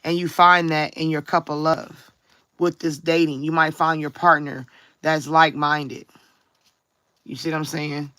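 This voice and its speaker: Bright-voiced woman giving a spiritual reading. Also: low-pitched, little pitch movement, no echo. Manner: reflective, drawn-out emphasis, frequent "you know what I'm saying". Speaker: tarot card reader. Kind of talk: live-streamed spiritual card reading.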